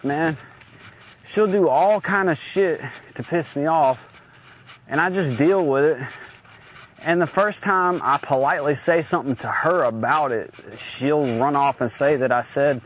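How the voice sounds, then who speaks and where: A man venting in a blunt, profane, aggrieved personal audio diary rant. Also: on the high side. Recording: dull lo-fi recording with faint noise.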